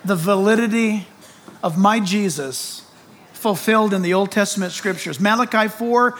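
A man preaching a sermon as pastor, excited, loud and emphatic. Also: sits high, moderate pace.

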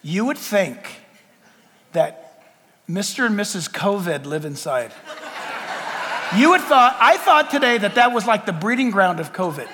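A man's voice: high voice, a little slow, long pauses, long reverb tail, noisy background. A man preaching a sermon, telling stories and acting out back-and-forth conversations with God. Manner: animated storytelling, acting out dialogue with God.

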